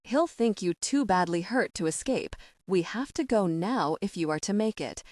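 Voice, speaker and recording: A woman voicing an anxious, impatient serving woman who speaks in an urgent, hushed way in an audiobook. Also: mid-range voice, lively intonation, normal speed, dry recording, close to an everyday voice.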